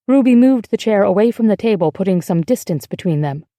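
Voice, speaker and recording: A woman reads scripted audiobook narration in a measured, steady manner. Her voice is mellow and mid-pitched, and the recording is dry and close. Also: dry recording.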